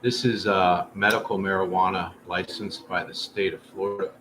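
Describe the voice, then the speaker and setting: A man's voice: low-pitched, little pitch movement, normal speed. Chatty man streaming over a noisy room. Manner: rambling, chatty, talks straight to viewers. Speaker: livestream host. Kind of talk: casual chat.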